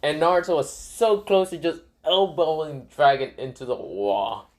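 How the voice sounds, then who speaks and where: A man's voice: on the high side, moderate pace. A man casually retelling a fan story, rambling with many fillers and self-corrections.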